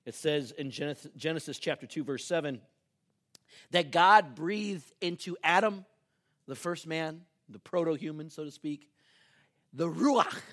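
Gravelly, bright-voiced male pastor. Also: measured pace, pauses often. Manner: animated storyteller, breaks into shouts and laughter; drops low and quiet for prayer. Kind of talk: sermon with personal anecdotes.

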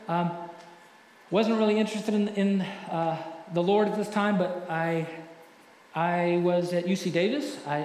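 Middle-aged preacher guy, earnest sermon, echoey church hall, faint room noise. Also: sits high. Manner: earnest, drops to a hushed voice for stories. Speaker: pastor.

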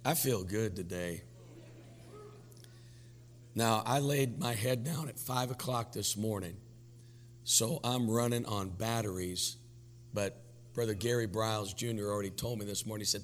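A man's voice: lowish voice, unhurried, long pauses, in a large hall, a little hiss or hum. A man preaching as pastor, his voice weak and worn, joking with the congregation in a folksy way. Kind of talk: sermon.

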